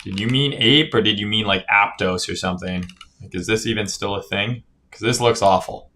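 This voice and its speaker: A man's voice: lowish voice, moderate pace, bright, forceful tone. A man streaming casual crypto chart analysis, talking loosely with swearing, reading viewer comments aloud and often tagging "right?". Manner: casual, profane, reads chat aloud, says "right?" often. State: yawning, tired.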